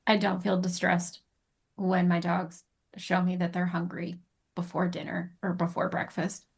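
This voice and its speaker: Animated woman co-host, laughing storyteller. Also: fairly low pitch, unhurried, gravelly, husky. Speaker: podcast co-host, animal behavior trainer. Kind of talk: casual chat.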